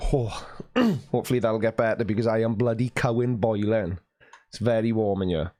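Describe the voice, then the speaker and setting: A Welsh man hosting a casual live stream from his desk at home, reading viewer comments in a chatty, teasing way and often clearing his throat. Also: fairly low pitch, expressive, normal speed, pauses often, warm tone.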